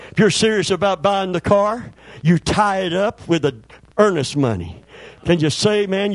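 A man preaching a sermon, asking for amens and swinging from loud shouting to quiet, low storytelling. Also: dry recording. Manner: preaching with call-and-response, rising to shouts then dropping low. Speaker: pastor.

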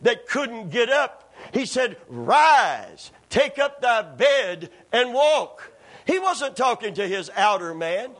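High-voiced, bright preaching man. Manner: preaching with call-and-response, rising to shouts. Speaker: pastor. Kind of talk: sermon. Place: church sanctuary.

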